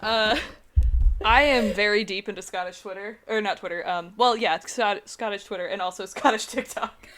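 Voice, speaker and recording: A woman's voice: mid-range voice, moderate pace, a bit bright, faint music behind. Giggly woman podcast co-host. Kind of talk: casual podcast chat.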